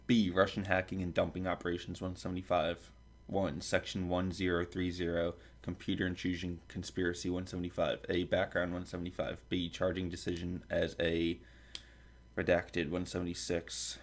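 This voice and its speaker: A deep-voiced man, monotone and at normal speed, reads a long table of contents aloud on his podcast. His throat is dry and he coughs, while foreign names make him stumble and he slips in asides.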